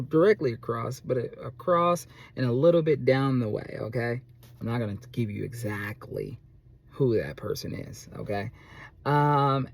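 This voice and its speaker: A man who runs a small business, telling a story to camera in an animated, chatty way and often checking in with "okay?". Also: medium pitch, slight background noise. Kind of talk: casual storytelling vlog.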